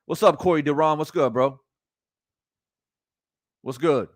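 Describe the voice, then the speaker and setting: A man's voice: fairly high pitch, measured pace, no echo, studio quality. A man giving live reaction commentary on boxing, heated, profane and incredulous.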